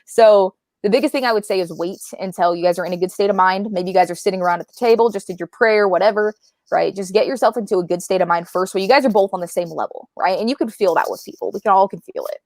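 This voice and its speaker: Young adult woman, interview guest, rapid chatty delivery with constant "right?" tags, dry close sound. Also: medium pitch, darkish tone, no echo. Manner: chatty, says "right?" often. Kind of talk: casual interview chat.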